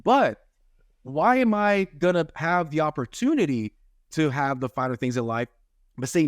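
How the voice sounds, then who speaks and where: Male podcast host, 30s, earnest and preachy, lively pitch, dry close sound. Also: normal speed, no echo. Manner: earnest, preachy, lots of "right?" tags. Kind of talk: casual interview chat.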